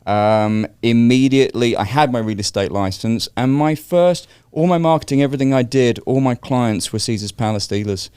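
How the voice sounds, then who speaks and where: A man's voice: mid-range voice, normal speed, hardly any pauses, a little mellow, clear, resonant tone, no echo, clean studio sound. A man in his fifties with a London accent, a guest on an interview podcast telling chatty stories with wry asides. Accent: London English. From London, England. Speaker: guest, real estate broker. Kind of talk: casual interview chat.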